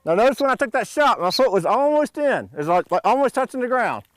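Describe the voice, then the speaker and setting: A man's voice: very high voice, big pitch swings, fast, dry recording, studio quality. A middle-aged man coaching young shooters at an outdoor range, joking with them and calling out drill commands.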